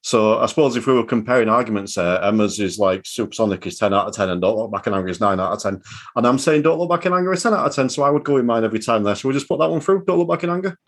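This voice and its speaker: A man's voice: mid-range voice, expressive, racing. Jokey, swearing man hosting. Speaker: podcast host. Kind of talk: casual chat.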